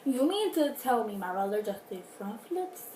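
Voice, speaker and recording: This vlogger's voice sits a little high, warm and sing-song, moving at a moderate pace. She chats through a casual storytime at home, throwing in dramatic asides while a furnace runs. Faint noise and a roomy sound suggest the mic is some distance away.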